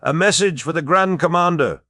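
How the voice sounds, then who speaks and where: A man's voice: a little high, normal speed, dry recording, clean studio sound, pitched above the performer's own voice. A man putting on de Verck, a wry, urgent turncoat knight. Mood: shouting. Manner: sardonic, then urgent shouting.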